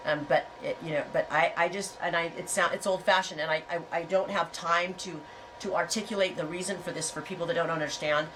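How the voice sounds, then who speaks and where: A woman's voice: fairly low pitch, steady tone, brisk, a bit bright, far from the mic, a little hiss or hum, poor audio. A middle-aged woman hosting a casual livestream chat, talking in a frank, rambling way and telling stories with animation. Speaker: host.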